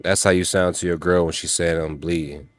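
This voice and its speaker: A man's voice: low-pitched, level tone, a little fast, no echo. A man giving a motivational talk to other men, emphatic and preachy, speaking in casual slang. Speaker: self-help vlogger.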